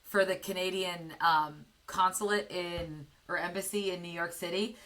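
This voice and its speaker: A woman's voice: fairly low pitch, fairly even intonation, moderate pace, a crowd in the background, low-quality recording. An American woman co-hosting a podcast in casual chat, eager and full of filler words. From United States. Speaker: podcast co-host.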